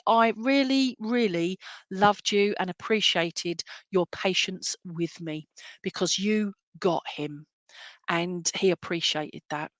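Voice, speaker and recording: A woman's voice: medium pitch, a bit bright, dry recording. A woman giving an online clairvoyant reading, chatty and reassuring, checking with her listeners whether messages make sense. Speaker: medium.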